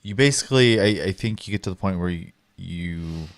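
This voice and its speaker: A man co-hosting a gaming podcast in casual chat, talking in a relaxed, hesitant way with fillers. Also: sits low, a little fast. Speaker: podcast co-host.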